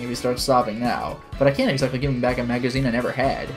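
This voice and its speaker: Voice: medium pitch, fast, faint music behind. A streamer who reads a visual novel aloud as the narrator, chats with viewers, and laughs often. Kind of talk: live-streamed visual novel reading with commentary.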